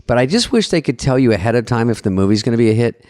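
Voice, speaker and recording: A man's voice: mid-range voice, very fast, no room sound, clean studio sound. A middle-aged man co-hosting a podcast, telling stories in casual chat, acting out quotes with a lot of swearing. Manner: animated anecdote-telling with acted-out quotes and swearing. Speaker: podcast co-host.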